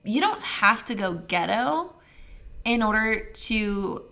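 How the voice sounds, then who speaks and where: A woman's voice: fairly high pitch, big pitch swings, slow pace, vocal fry, pushed and bright. A young woman co-hosting a casual podcast who gives blunt, frank advice. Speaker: podcast co-host. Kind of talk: casual chat.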